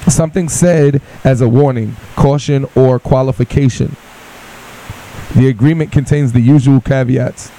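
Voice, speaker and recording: Laid-back man, very dark voice. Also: medium pitch, steady tone, normal speed, a little hiss or hum, low-quality recording. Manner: reads definitions aloud, laid-back. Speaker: radio co-host. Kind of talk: casual studio banter. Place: radio studio.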